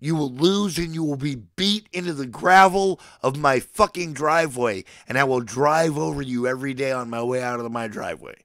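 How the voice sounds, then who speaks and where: A man's voice: mid-range voice, normal speed, few pauses, fairly bright tone, dry recording, studio quality. A man in his forties ranting at a live chat like a mock sermon, swinging between profane, boastful threats and declarations of affection. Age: 40s. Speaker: livestreamer addressing his chat.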